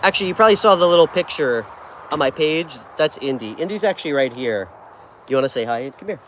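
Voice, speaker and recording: He speaks fast, in a slightly high, animated, fairly bright voice, over a little hiss or hum. The man is from New York and hosts a casual live tarot stream, answering his viewers' comments in a sociable, chatty style.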